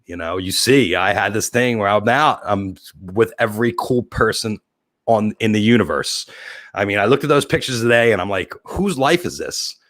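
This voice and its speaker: A man's voice: fairly low pitch, normal speed, a bit bright, dry recording. A middle-aged man hosting his own livestream show, talking in a rambling, heartfelt and openly emotional way. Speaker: host.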